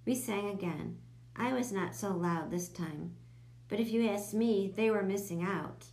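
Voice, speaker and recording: Woman narrator for a children's audiobook, lively and expressive. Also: mid-range voice, unhurried.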